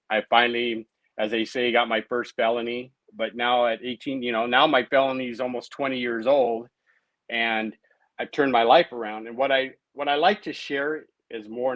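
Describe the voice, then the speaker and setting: A man's voice: mid-range voice, fairly even intonation, moderate pace, a bit bright, no echo, rough recording. A man in his late thirties, a guest in an interview, telling his personal recovery story in a conversational way, often adding "right?" and "you know". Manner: conversational, many tag questions and fillers.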